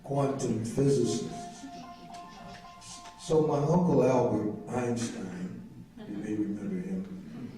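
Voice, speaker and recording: A man's voice: medium pitch, animated, dark tone, faint music behind. A middle-aged man, from Mississippi, telling a humorous personal testimony to a congregation as an intern minister. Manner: humorous storytelling, drawn-out phrasing. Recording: echoey hall from far off.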